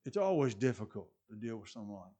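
A man preaching a sermon, stressing points loudly, then dropping to quiet asides, and often repeating his phrases. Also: on the low side, big pitch swings, brisk.

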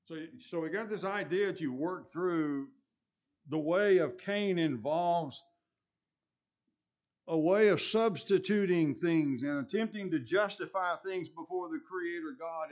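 A male preacher delivers a sermon in a somewhat high voice. He leans hard on key words and then drops low and soft. He often circles back over his own phrases. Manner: emphatic, swings between loud stress and quiet asides, repeats phrases.

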